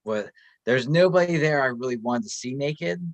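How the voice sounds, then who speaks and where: Man, easygoing co-host, relaxed anecdotes, dry close recording. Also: medium pitch, normal speed, no room sound. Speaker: podcast co-host. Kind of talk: casual chat.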